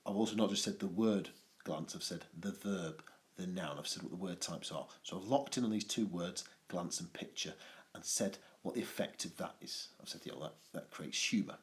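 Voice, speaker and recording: A man's voice: deep voice, moderate pace. A male English teacher with an adenoidal voice, talking through a poetry analysis with playful, jokey asides.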